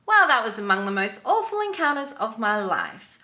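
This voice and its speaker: A woman hosting a channel, reading an online story aloud with expressive, sympathetic commentary. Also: a little high, normal speed. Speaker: story narrator and channel host.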